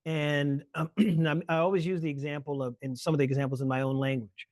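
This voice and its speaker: Man, lecturer on a webinar call, brisk, filler-heavy delivery, slightly high voice, dry sound. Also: steady tone, darkish tone, no room sound. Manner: fast, fluent explaining with frequent fillers. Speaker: guest lecturer.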